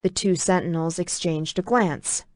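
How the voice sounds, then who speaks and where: A woman narrating an audiobook with a steady, even reading. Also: on the low side, a little slow, no echo. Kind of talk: scripted narration.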